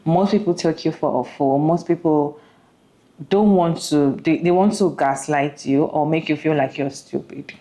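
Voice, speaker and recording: Woman, low voice, host, earnest commentary, questions to viewers, restarts sentences. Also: normal speed, mellow, poor audio. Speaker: host reacting to a clip.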